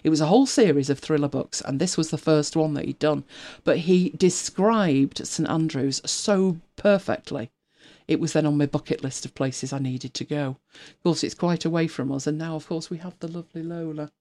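A woman's voice: sits low, normal speed, mellow. A woman in her fifties hosting a podcast in casual, rambling chat, laughing often and now and then dropping to a whisper. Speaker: podcast co-host.

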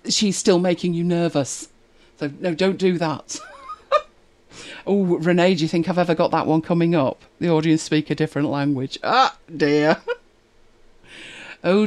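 Chatty woman, lively pitch. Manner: chatty storyteller, laughs often. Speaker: live stream host reading viewer comments. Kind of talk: casual chat.

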